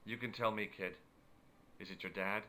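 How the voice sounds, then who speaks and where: A dry wisecracking adventurer. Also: male voice, lowish voice, steady tone, normal speed, pushed and bright. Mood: brusque. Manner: dry, matter-of-fact narration. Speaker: game protagonist narrator. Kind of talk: video game voice acting.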